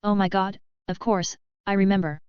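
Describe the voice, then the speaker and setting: A woman's voice: mid-range voice, fairly even intonation, moderate pace, clear, resonant tone, no echo, close to an everyday voice. Haughty talking portrait lady, read by a woman. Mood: prim. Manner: prim and haughty. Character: stern, gossipy female painted portrait. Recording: dull, dry lo-fi audio.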